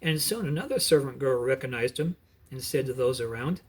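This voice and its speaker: A middle-aged preacher tells a Bible story in a husky voice, stopping now and then to explain the background. His pitch sits in the ordinary male range. He keeps an earnest, steady storytelling manner. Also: fairly quick.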